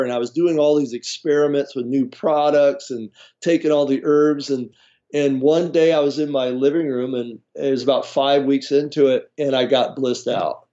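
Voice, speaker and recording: A man's voice: medium pitch, lo-fi sound. A man telling a personal story as an interview guest, laughing often and acting out what others said. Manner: animated storyteller, laughs often, acts out quoted voices. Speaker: guest herbalist.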